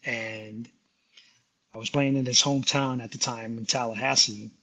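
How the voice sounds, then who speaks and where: Brief: male musician recounting his career in an interview, loose and rambling, laughing now and then, with a husky edge to his voice. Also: mid-range voice, fairly even intonation, moderate pace, sharp tone. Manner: rambling, many "you know" fillers, laughs often. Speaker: guest musician. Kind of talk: casual interview storytelling.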